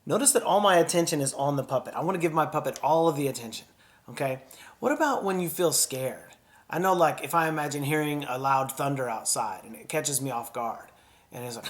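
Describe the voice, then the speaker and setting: With a voice on the high side, a man leads a children's puppetry class in a kind, encouraging manner. He breathes and sighs out loud to demonstrate every emotion.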